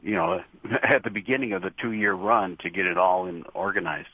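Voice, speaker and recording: A middle-aged man, a horror show host giving relaxed, chatty interview answers and laughing easily. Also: sits low, normal speed, breathy edge, no room sound. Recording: dull lo-fi dry line.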